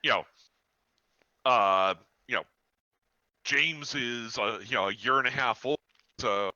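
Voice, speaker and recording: Middle-aged man, tabletop player, very bright voice, rambling, muffled dry audio. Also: mid-range voice, slow pace, no room sound. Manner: rambling storyteller. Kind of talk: casual chat.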